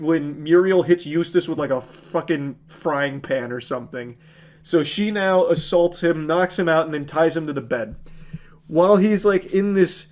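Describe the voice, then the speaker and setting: A man in his thirties giving a ranting movie review, exasperated and sarcastic, swearing freely. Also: a little high.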